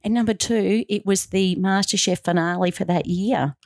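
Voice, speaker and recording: A woman's voice: medium pitch, moderate pace, no echo, studio quality. A middle-aged woman being interviewed as a guest, telling her story in an earnest, heartfelt way and acting out the dialogue she quotes. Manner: animated, acts out quoted dialogue.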